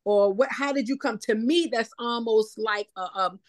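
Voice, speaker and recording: A woman's voice: fairly high pitch, normal speed. A woman pastor sharing her view in a class, talking it through conversationally with many fillers. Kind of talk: discussion contribution.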